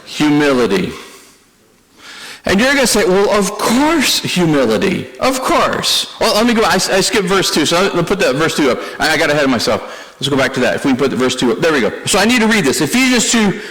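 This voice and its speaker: A man's voice: on the high side, big pitch swings, quick pace, a bit bright. A man preaching a sermon as pastor, talking to the congregation conversationally, repeating key lines and joking at his own expense. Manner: conversational preaching with repetitions and self-deprecating humor. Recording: long hall reverb.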